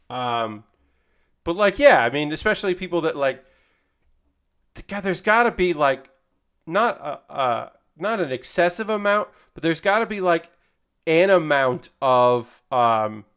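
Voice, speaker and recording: A man's voice: medium pitch, fairly bright tone, clear, resonant tone. A man hosting a casual livestream, chatting while he builds a model kit, rambling along and swearing now and then. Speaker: livestream host.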